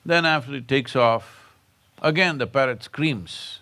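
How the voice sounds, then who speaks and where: A man's voice: mid-range voice, measured pace, bright, forceful tone. A man giving a satsang talk as a spiritual teacher, telling stories and prodding his listeners with rhetorical questions. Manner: storytelling with jokes.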